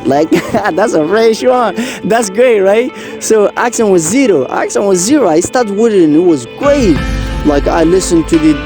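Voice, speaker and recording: Earnest young man telling his story. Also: on the high side. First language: French. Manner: earnest, halting, with many fillers and restarts. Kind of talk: personal story in casual talk.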